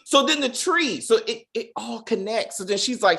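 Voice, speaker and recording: A man co-hosting a casual TV review, animated and acting out characters' lines in funny voices. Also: very high-pitched, normal speed, vocal fry, slightly rough. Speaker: podcast co-host.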